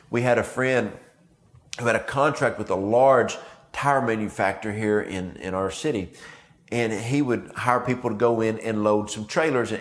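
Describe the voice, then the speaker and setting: A man giving a conversational devotional message as a minister, acting out the quotes. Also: lowish voice.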